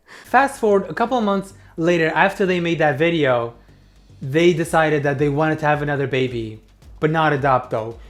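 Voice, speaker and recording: A man's voice: a little high, normal speed, soft background music. Heated, profanity-laced young man. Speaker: commentary youtuber. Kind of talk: casual commentary.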